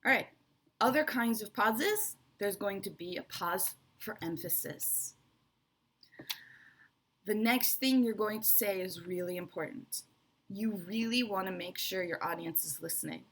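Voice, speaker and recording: A woman's voice: medium pitch, measured pace, fairly bright tone, breathy edge. A woman teaching English presentation skills, explaining step by step and checking in with "right?" and "okay". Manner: explanatory, repeats key points with frequent "right?" and "okay". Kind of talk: online lesson explaining to viewers.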